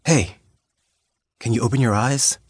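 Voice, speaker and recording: A man voicing a calm, protective male shapeshifter in an audiobook, speaking gently and reassuringly. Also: medium pitch, unhurried, slightly rough, no echo, clean studio sound, voice pushed up. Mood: gentle. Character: young adult male shifter, calm, protective.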